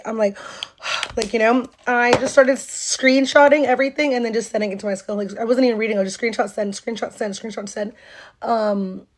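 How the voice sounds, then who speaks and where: A young North Carolina woman with a slightly high voice rambles through a casual storytime, full of fillers and cursing as she performs quoted lines. There's a bit of hiss or hum in the background.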